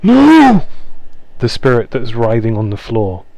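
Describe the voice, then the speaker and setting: A man narrating a tabletop game as its game master in a slow, theatrical way. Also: on the low side, fairly even intonation, darkish tone.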